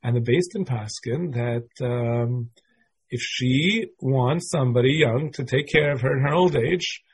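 Husky-voiced man teaching a class. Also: mid-range voice. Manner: conversational, thinking aloud. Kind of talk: casual lecture explaining religious texts.

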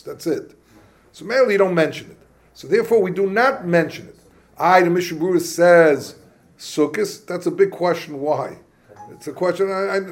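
A man teaching a Talmud class, thinking aloud, asking the class questions and often restarting. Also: sits high.

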